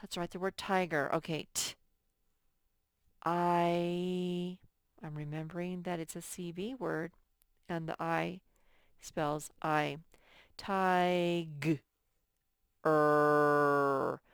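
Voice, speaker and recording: A woman teacher leading a first-grade spelling lesson, slowly sounding out each word syllable by syllable. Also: on the low side, flat delivery, clear, resonant tone, no room sound, studio quality. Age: adult. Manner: slow, sounds out words syllable by syllable.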